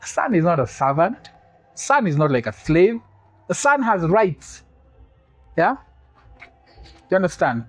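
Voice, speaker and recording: A man's voice: sits high, sing-song, measured pace, long pauses, husky. A man preaching a sermon, repeating key phrases for emphasis, asking the congregation questions and adding humorous asides. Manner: quizzes the congregation for responses.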